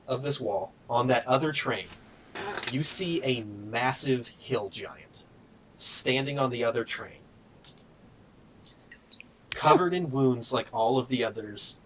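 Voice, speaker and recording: Man, game master, casual narration, mid-pitched, faint background noise. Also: fairly bright tone, low-quality recording. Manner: casual narration with fillers like "just" and "kinda".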